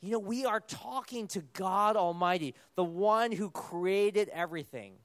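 Man preaching a chatty, animated sermon. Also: sits high, a little slow, no room sound. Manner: conversational, animated, self-correcting asides.

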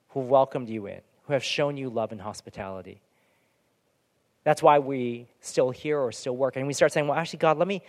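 A man preaching a sermon as pastor, lively and animated, dropping to soft, near-whispered prayer lines. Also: on the high side. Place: church hall. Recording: long hall reverb.

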